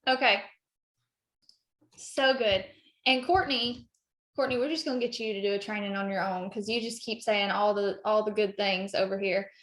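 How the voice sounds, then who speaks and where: A woman's voice: medium pitch, normal speed, fairly bright tone, reverberant. A woman hosting a team call, effusive and encouraging, talking casually about goals and commitment.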